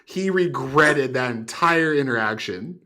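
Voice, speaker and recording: Male podcast guest, middle-aged, casual and animated, with plenty of laughs. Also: medium pitch, a little slow. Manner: animated, laughs often, acts out the quoted people. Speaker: former grocery store manager. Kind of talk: casual storytelling.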